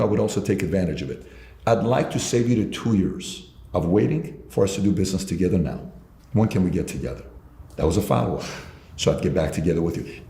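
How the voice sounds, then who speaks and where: Brief: male sales mentor, lower voice, spins animated anecdotes in a roomy space. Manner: emphatic storyteller, quotes himself in dialogue. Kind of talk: storytelling in conversation.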